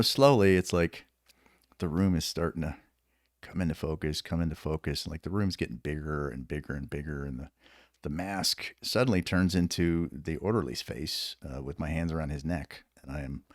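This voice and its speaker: A man's voice: rumbling low, no echo, clean studio sound. A man, a former special operations soldier, telling rambling, profane stories in a casual podcast interview, laughing often. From United States. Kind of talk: casual storytelling.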